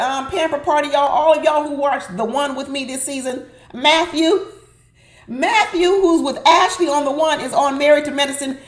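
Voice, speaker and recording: Middle-aged woman, sassy and animated, fairly high voice, echoey room recording. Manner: sassy, animated, laughing, talks to the audience. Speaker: reality TV recap commentator. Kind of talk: casual recap commentary. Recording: roomy echo.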